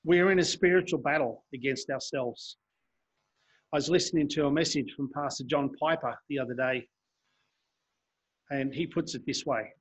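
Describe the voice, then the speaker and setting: Husky man preaching a sermon. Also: medium pitch, moderate pace, pauses often. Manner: earnest, reads scripture aloud and explains it. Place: church.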